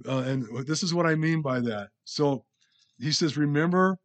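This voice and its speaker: Male preacher, mid-pitch, chatty verse-by-verse teaching, self-deprecating, many restarts. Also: unhurried. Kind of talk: sermon teaching.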